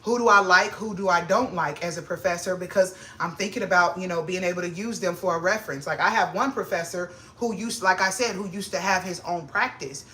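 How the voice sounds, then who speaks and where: Bright-voiced young woman, excitable and slangy. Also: fairly quick, hardly any pauses. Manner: excitable, slangy, grows loud and high when hyped. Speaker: vlogger. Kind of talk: casual chat to camera.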